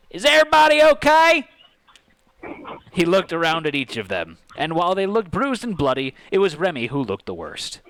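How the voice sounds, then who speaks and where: A man's voice: medium pitch, a bit bright, no echo, poor audio. A man as game master, reading a tabletop game's story aloud with dramatic storytelling.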